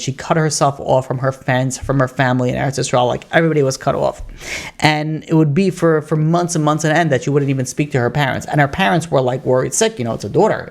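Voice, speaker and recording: A man who is a rabbi, telling a story in a sermon in a loose, conversational way, with plenty of "you know" and "like" asides. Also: vocal fry. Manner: gets louder and higher when quoting the story's characters.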